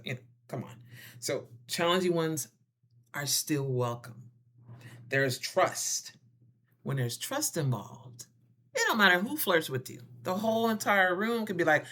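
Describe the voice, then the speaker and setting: A wellness vlogger giving casual relationship advice to viewers, playful and animated, calling them darling and honey and acting out little scenes. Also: medium pitch, moderate pace. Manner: addresses viewers with endearments and slang.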